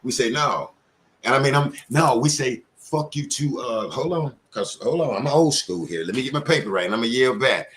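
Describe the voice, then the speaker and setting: A man's voice: medium pitch, expressive, normal speed, fairly bright tone, a little hiss or hum. Male panel host, blunt and profane, rambling heated talk over an online call.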